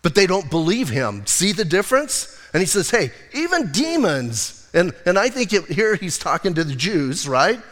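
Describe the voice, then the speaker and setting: A man's voice: high voice, very animated, normal speed, few pauses, fairly bright tone. A male pastor preaching a sermon in a conversational way, teasing his congregation. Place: church sanctuary. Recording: long hall reverb.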